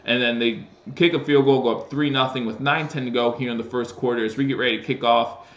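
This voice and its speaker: Bright-voiced man calling football plays. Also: mid-range voice, fast talker, reverberant, dull audio. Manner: casual, with fillers and restarts, rising excitement on plays. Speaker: host doing live play-by-play. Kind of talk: live stream play-by-play commentary.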